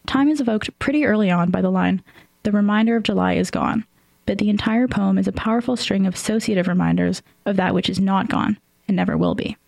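A woman host reading scripted commentary and announcements in an even delivery. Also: medium pitch, fast, creaky, few pauses, dry recording, low-quality recording. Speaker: radio show host.

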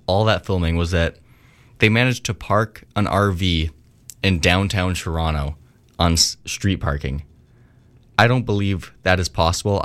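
A man's voice: deep voice, fairly bright tone. A young man hosting a radio show, chatting casually and rambling between songs, with a slightly slurred way of talking. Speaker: radio host.

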